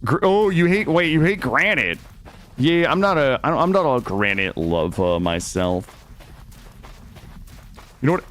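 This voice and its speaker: A man streaming a game live, talking to his chat in a loose, joking, foul-mouthed ramble. His pitch swings up and down constantly with playful energy, recorded close on a studio microphone. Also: big pitch swings, a little slow, long pauses, a bit bright. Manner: jokey, profane, chatty, talking to chat. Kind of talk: casual live gameplay commentary. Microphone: studio dynamic mic.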